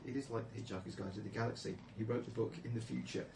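A man's voice: fairly low pitch, fairly even intonation, racing. A man narrating a tabletop game as game master, in a wry, amused way. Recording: echoey room, mic far off, with noise.

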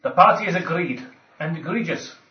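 A man's voice: on the high side, expressive, brisk. A man playing a tabletop game, joking around with wry quips. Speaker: player. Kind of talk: casual tabletop game banter. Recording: echoey room, distant dull mic.

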